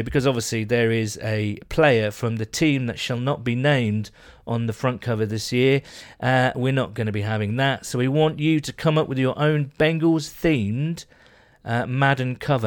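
A man co-hosting a podcast, chatting and joking in casual banter. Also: medium pitch. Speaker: podcast co-host.

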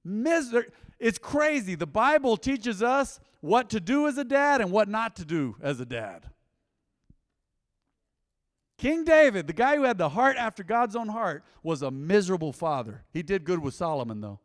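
A middle-aged male pastor preaching a sermon in an animated, conversational way, talking straight to the congregation. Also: high-pitched, moderate pace, big-room sound. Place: large church auditorium.

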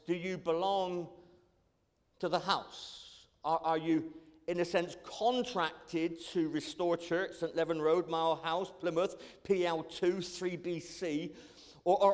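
A man's voice: high-pitched, darkish tone. A middle-aged male pastor giving a sermon in a church, earnest and given to stammered repeats of his words. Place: church sanctuary. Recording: long reverb of a church hall.

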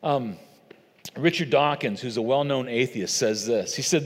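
A man's voice: medium pitch, lively intonation, normal speed. Earnest man preaching in a big hall. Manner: earnest, conversational, addresses audience directly. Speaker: pastor. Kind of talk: sermon.

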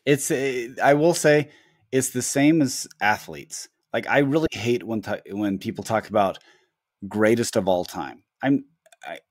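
A man co-hosting a podcast in casual chat, talking in a measured, reflective way with halting phrases. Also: lowish voice, a little mellow, dry recording, studio quality. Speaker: podcast co-host.

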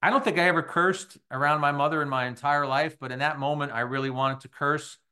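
A man's voice: a little high, fairly quick. Man hosting a sports podcast. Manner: animated storyteller, acts out quoted voices. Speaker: podcast host. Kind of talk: casual storytelling monologue.

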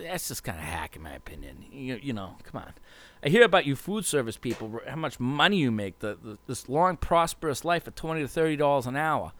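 A man's voice: on the high side, a bit bright, no echo. A man in casual talk, rambling and sarcastic, swearing constantly as he rants. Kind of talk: profane casual rant.

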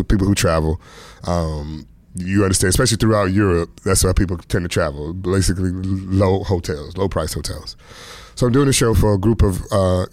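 A stand-up comedian in his 30s or 40s from the Washington, D.C. area, appearing as a guest, tells stories in a loose, laid-back interview style with frequent chuckles. His voice is lowish, and the recording has no echo.

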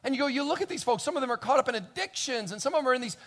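A man preaching a sermon as a pastor in a church, animated, with stammering restarts, swinging between quiet and loud. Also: very high-pitched, very fast.

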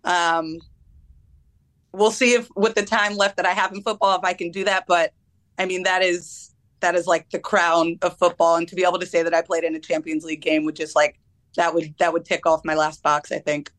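This guest footballer, a young woman from the United States, has a lowish, slightly bright voice with little pitch movement and a brisk pace. Her answers to the interview questions are casual, full of ums, and broken up by frequent laughter.

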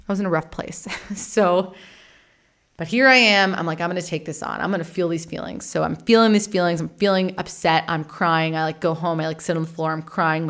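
A woman in her thirties hosting a podcast, telling a personal story in a frank, animated way, swearing casually and laughing often. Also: deep voice. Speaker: podcast host and meditation teacher.

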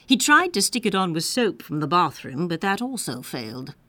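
A woman narrating a children's story in a playful, expressive reading. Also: fairly low pitch, normal speed, dry recording.

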